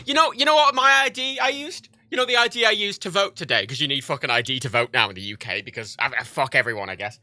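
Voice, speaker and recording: A man's voice: on the high side, fast, hardly any pauses, dry recording. A man in his thirties chatting casually on a gaming livestream, rambling and swearing freely. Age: 30s. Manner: profane, rambling, animated.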